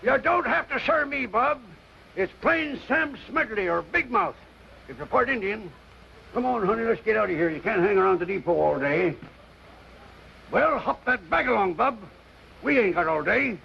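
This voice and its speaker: An older actor playing a boastful, folksy old Western grandfather with a loud drawl and rustic grammar, in 1950s film acting. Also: high-pitched, expressive, moderate pace, vocal fry, full character voice. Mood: jovial. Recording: dull old film soundtrack, faint hiss.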